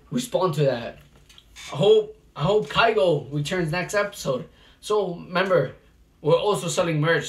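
A man giving excitable amateur wrestling play-by-play commentary, breaking into shouts at the big moves. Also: sits high. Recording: distant mic with loud music behind.

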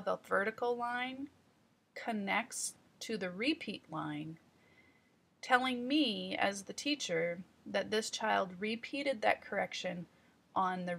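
Woman, literacy teacher, instructional voice-over, very slow and measured, mid pitch, talks right to the viewer. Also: vocal fry, fairly bright tone. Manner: deliberate, explanatory, addresses the viewer directly.

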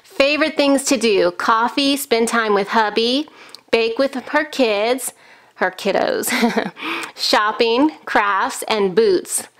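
A woman's voice: on the high side, takes it slowly. A woman in her thirties, a crafting video host, chatting casually and gushing with enthusiasm while she unboxes a package. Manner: gushing, enthusiastic, frequent gasps. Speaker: crafting YouTuber.

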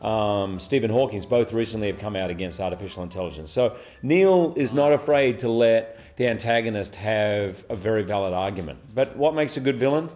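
A man in his forties with an Australian accent, a guest actor answering interview questions in a relaxed, good-humoured way, chuckling often. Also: lowish voice, fairly quick, hardly any pauses. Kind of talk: press junket interview.

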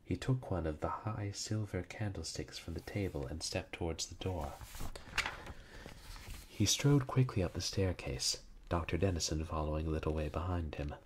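Low husky guy reading a spooky old tale, slow and solemn. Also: darkish tone. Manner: slow, solemn, dramatic reading, voicing characters lightly. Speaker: reader. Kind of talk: reading a horror story aloud.

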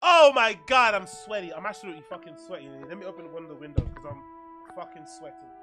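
A man hosting a live reaction stream, rowdy and excitable, laughing often and swearing. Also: high-pitched, fast talker, soft background music.

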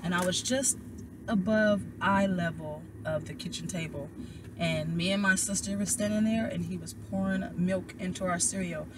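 A young woman, a tarot reader, casually telling viewers a personal story, animated and emotional, and calling them y'all. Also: lowish voice, normal speed, noisy background.

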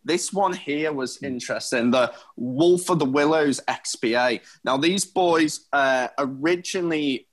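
Jokey Australian bloke, rambling. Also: male voice, a little high, a little slow, few pauses. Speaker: podcast co-host. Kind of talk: casual chat.

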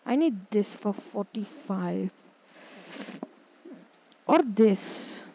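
A woman's voice: medium pitch, animated, very slow, dark tone, highs cut off, a little hiss or hum. A woman playing a city-building game, talking to herself casually and getting exasperated when things go wrong. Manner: muttering to herself, easily exasperated. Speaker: gaming streamer. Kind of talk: casual gameplay commentary.

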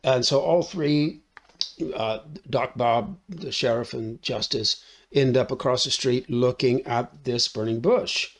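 Thinking aloud in a relaxed way, a man reviews a film by walking through its plot, peppering his talk with fillers and ending lines with "right?" His voice sits in the mid-range, and he speaks slowly.

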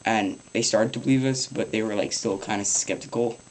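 A teenage boy giving casual advice in a rambling home vlog, swearing offhandedly and filling pauses with ums. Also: on the low side, steady tone, slight background noise, low-quality recording. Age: teens. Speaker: vlogger.

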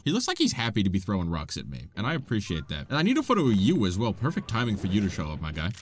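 A man giving playful, excitable gameplay commentary as a gaming YouTuber, chatting to the monsters on screen. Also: mid-range voice.

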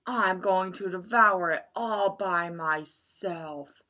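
A woman voicing a greedy, selfish male tiger in a children's story, drawing out his lines slowly and loudly. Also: on the low side, full character voice. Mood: menacing. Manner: slow, drawn-out menacing lines.

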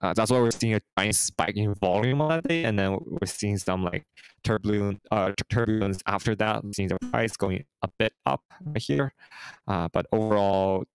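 A man's voice: fairly low pitch, normal speed, clean tone, poor audio. A man hosting a casual live stream, talking through market charts in a hesitant way with many fillers and restarts. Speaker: host.

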